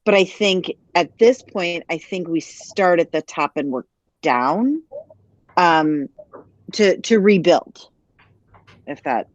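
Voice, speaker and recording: Low-voiced woman, muffled call audio. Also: lively intonation, slow pace, pauses often, no room sound. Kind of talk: planning group discussion.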